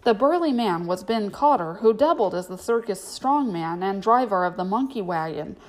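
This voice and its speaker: A woman narrating a children's storybook aloud in a steady storytelling manner. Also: medium pitch, normal speed.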